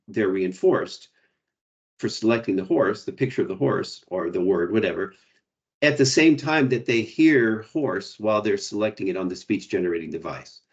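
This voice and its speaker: Male academic presenter, low-pitched, halting explanations over slightly dull audio. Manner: hesitant, restarts, frequent "you know" and "right". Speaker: guest presenter. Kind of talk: academic Q&A answers.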